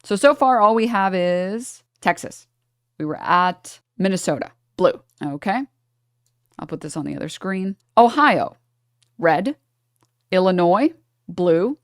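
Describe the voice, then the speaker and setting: A low-voiced woman from New York doing live stream commentary at a desk mic. She talks down to her chat with heavy sarcasm while muttering through charts, and the sound is close and dry with no room around it. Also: lively intonation, a little slow, pauses often, no echo. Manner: sarcastic, condescending toward chat; thinks aloud while checking charts.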